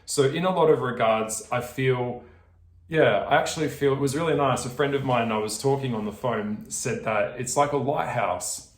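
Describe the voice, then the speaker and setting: A man's voice: medium pitch, moderate pace, echoey room. A man with an Australian accent talking straight to his viewers in a casual, swearing rant. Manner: swearing, ranting, laughing, addresses viewers directly. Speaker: video creator. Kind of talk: casual vlog chat.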